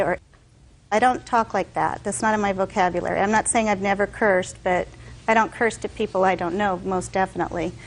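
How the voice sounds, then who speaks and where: A woman testifying as a defendant, telling her story in an animated way and acting out what others said. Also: fairly high pitch, poor audio. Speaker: defendant in a courtroom show.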